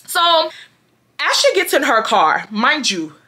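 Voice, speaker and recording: Twenties, woman; chatty, slangy storyteller with a bright tone. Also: sits high, big pitch swings, slow. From Houston, Texas. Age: 20s. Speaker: vlogger. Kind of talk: casual storytime.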